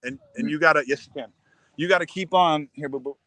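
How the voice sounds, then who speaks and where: A man guest on a live talk show, telling stories with lots of restarts in a casual, animated way. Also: a little high, fairly quick, no room sound, rough recording. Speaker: musician guest. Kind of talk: casual chat.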